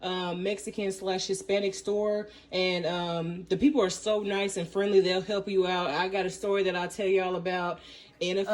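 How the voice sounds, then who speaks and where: A woman's voice: fairly low pitch, flat delivery, normal speed, recorded from a distance. A woman, chatting through a home cooking demonstration in a folksy, storytelling way full of fillers. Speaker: cooking vlogger. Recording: roomy echo, mic set back, faint room noise.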